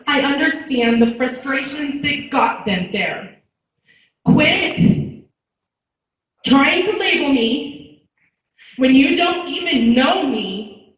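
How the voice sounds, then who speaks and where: Woman, defensive and firm, high voice, very echoey, distant. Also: a bit bright. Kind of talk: public comment at a town meeting. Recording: dull, very echoey distant sound.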